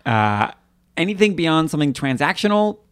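A woman co-hosting a podcast in casual chat, animated and playful, laughing often. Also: low-pitched, normal speed, smooth, no echo, studio quality. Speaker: podcast co-host.

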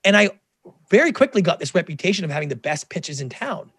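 Animated man telling stories, dry sound. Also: sits high, quick pace, breathy edge, no echo. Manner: animated, acts out quoted dialogue. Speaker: guest, television producer. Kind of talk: casual interview storytelling.

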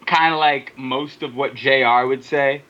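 A man co-hosting a podcast in casual, joking chat, quick to laugh. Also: mid-range voice, steady tone, bright, forceful tone. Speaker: podcast co-host. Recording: dull lo-fi audio.

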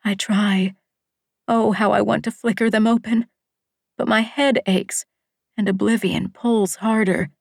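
Woman audiobook narrator, first person, soft lyrical delivery, mid-range voice. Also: mid-range voice, fairly even intonation, gravelly, no room sound, clean studio sound. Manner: measured, hushed, lyrical.

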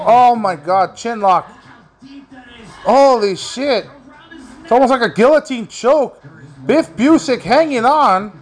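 A man hosting a wrestling watch-along, excitedly calling the action, swearing a lot and shouting at the big moves. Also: extremely high pitch. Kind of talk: excited live commentary.

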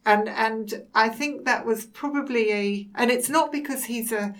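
A woman's voice: on the high side, a little slow, distant mic. A woman hosting a book discussion, talking hesitantly and searching for her words. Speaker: host. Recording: voice a bit off mic.

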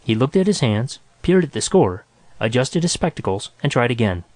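A man's voice: medium pitch, dry recording. Man reading a story aloud. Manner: even, measured reading. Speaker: narrator. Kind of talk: scripted story narration.

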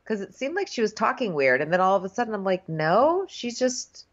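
A woman's voice: medium pitch, sing-song, very fast, dull audio. A woman co-hosting a casual chat, sarcastically recapping a reality show and acting out the contestants. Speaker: podcast co-host.

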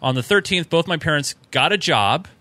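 A man's voice: on the high side, lively intonation, moderate pace, sharp tone, dry recording. A man co-hosting a casual podcast, reading listener emails aloud with fillers and small chuckles.

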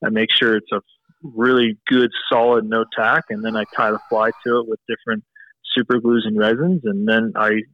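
A man's voice: fairly low pitch, little pitch movement, moderate pace, no echo, lo-fi sound. A man talking casually as a podcast guest, rambling and leaning on "you know" as he explains his fly tying. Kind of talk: casual interview chat.

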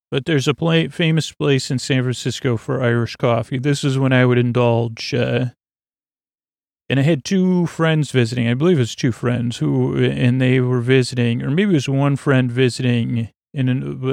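A man casually recapping a TV episode on his own, rambling and halting with many fillers and restarts. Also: mid-range voice, gravelly, a little mellow, dry recording, studio quality. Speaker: podcast host recapping a TV episode.

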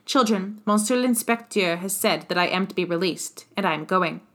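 A woman voicing a desperate young woman who talks in a low, caressing voice. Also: moderate pace, a bit bright, close to an everyday voice. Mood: coaxing.

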